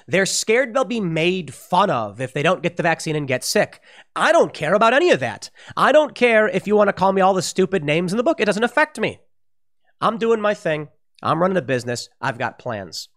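A man talks straight to his audience in an opinion commentary, pressing every point hard and circling back to repeat words when he gets heated. His voice sits a little high for a man. His pitch swings widely through each phrase. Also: fairly bright tone. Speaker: online political commentator.

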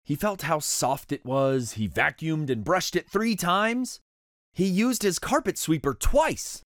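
A narrator reading a children's picture book aloud in an animated, expressive way, with wide swings of pitch. The voice sits mid-range and is recorded close and dry. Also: takes it slowly, no room sound. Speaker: storybook narrator.

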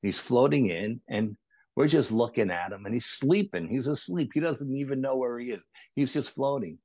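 A middle-aged man, telling a story as a podcast guest, animated and repeating phrases for emphasis. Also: medium pitch, moderate pace, no echo. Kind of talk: storytelling in casual conversation.

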